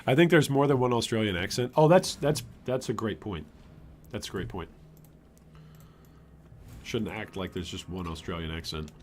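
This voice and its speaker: A man streaming gameplay, chatty and animated, commenting on his build and answering chat. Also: lowish voice, normal speed, pauses often, slight background noise. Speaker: streamer, game host.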